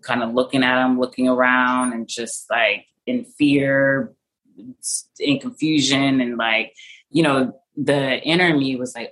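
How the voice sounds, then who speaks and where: Very low-voiced young woman, halting. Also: steady tone, fairly bright tone, low-quality recording. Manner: halting, full of fillers and restarts. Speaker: interview guest. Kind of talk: personal testimony in conversation.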